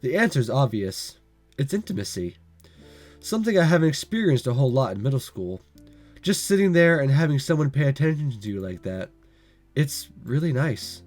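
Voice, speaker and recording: Man doing a low, offhand teenage boy. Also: big pitch swings, moderate pace, a little mellow, faint music behind. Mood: awkward. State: has a cold. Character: teenage boy, laid-back, evasive. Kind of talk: visual novel voice reading.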